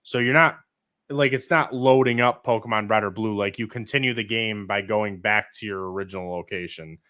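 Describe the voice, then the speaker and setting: A man's voice: fairly low pitch, fairly even intonation, fairly quick, sharp tone. A man co-hosting a casual gaming podcast, rambling with fillers and swearing.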